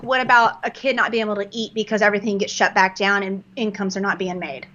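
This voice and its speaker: A woman's voice: mid-range voice, steady tone, fairly quick, few pauses, sharp tone, lo-fi sound. A middle-aged woman from the East Coast of the United States, a guest on an interview show, speaking in a passionate, ranting way. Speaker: guest, lawyer and entrepreneur. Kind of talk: interview conversation.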